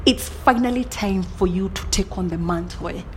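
A woman giving a dramatic motivational monologue, swinging between whispers and loud bursts and often laughing at herself. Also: mid-range voice, normal speed, noisy background. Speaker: motivational speaker.

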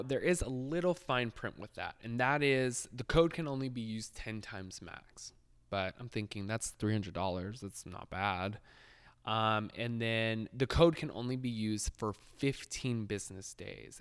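A man telling a comedic storytime, full of sarcastic self-deprecating asides and quick laughs. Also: medium pitch, smooth. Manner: laughs often, lively mock quotes.

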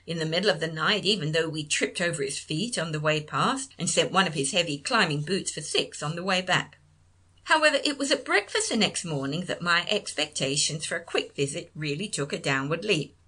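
A middle-aged woman, reading her own memoir story in a wry, gently humorous manner. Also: low-pitched, lively intonation, a little fast, husky. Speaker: narrator.

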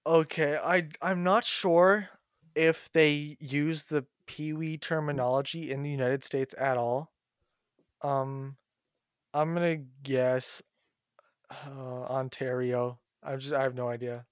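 A man's voice: medium pitch, steady tone, slow pace, clear, resonant tone, dry recording, clean studio sound. A young man in casual podcast chat, answering quiz questions and retelling stories with animation. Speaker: quiz contestant, co-host.

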